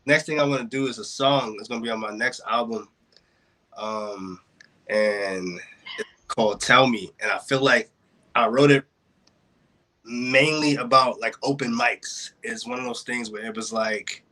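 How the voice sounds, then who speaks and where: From home, a man performs spoken word poetry at a virtual open mic over a video call, his rhythmic delivery building in intensity and leaning on wordplay. His mid-range voice is bright and forceful, and he keeps a measured pace.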